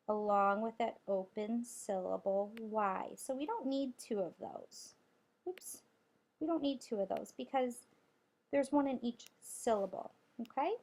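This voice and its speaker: A woman's voice: on the high side, a little mellow. A woman teacher guiding children through a spelling lesson, patiently sounding out letters and syllables.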